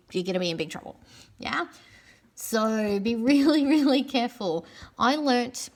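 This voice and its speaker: A woman's voice: on the high side, a little hiss or hum. Chatty woman giving vlog advice. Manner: chatty, frequent "yeah?" tag questions and ums. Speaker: pole and aerial competition vlogger.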